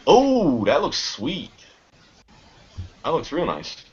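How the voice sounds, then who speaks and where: A man's voice: a little high, huge pitch swings, slow pace, husky. A man, chatting casually with friends on camera, swearing a lot, rambling and laughing often. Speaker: channel host. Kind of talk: casual chat among friends. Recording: dull lo-fi recording with faint noise.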